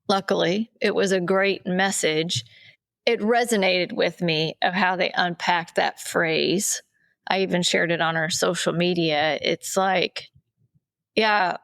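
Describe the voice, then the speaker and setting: A woman's voice: on the low side, vocal fry, fairly bright tone, no echo. A middle-aged woman co-hosting a faith podcast, talking earnestly about grief, at times near tears. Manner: earnest, tearful at times, voice rising when moved. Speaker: podcast co-host. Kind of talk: emotional faith podcast talk. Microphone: remote recording, separate location.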